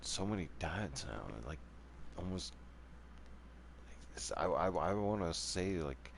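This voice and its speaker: A defiant man rants straight into the mic in a fairly low voice, cursing constantly and tacking "right?" or "okay?" onto nearly every line. There's a faint hiss of room noise behind him. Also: takes it slowly. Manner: profane, repetitive, keeps asking "right?" and "okay?"; angry and defiant, voice rising and falling. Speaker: gaming channel host. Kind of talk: heated monologue rant.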